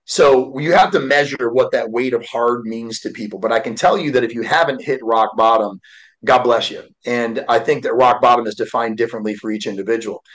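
A man's voice: mid-range voice, fairly quick, a bit bright, low-quality recording. Man in his 40s, motivational guest, emotional storytelling, lots of "you know" and "uh". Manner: candid and heartfelt, with frequent fillers. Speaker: guest, motivational speaker and author.

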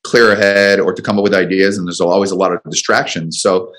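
A man's voice: low voice, flat delivery, brisk, fairly bright tone. A man guesting on a radio talk show as a business coach, telling a story in a rambling, chatty way with restarts. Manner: rambling, with restarts and acted-out dialogue. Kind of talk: conversational storytelling. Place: radio studio.

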